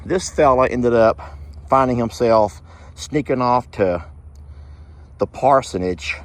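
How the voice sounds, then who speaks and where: A man, telling folksy stories in a rambling, chuckling way while working outdoors at his horse barn. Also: medium pitch. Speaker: ranch vlogger. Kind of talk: casual storytelling while doing chores.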